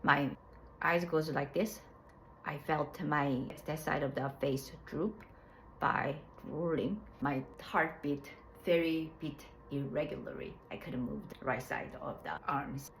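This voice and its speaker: A woman with a low, deep-set voice recounts something from her own life. She talks casually and frankly, often restarting her sentences and laughing at herself. The delivery is plainspoken storytelling rather than a performance. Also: a bit bright, a little hiss or hum, poor audio. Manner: loose, halting phrasing with restarts. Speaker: vlogger telling her birth story.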